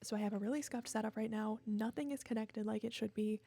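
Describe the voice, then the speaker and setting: A woman's voice: on the high side, fairly even intonation, fast talker, vocal fry, dark tone. A tired young woman streaming from home, chatting casually into a desk mic in a rambling, self-deprecating way. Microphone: desk microphone.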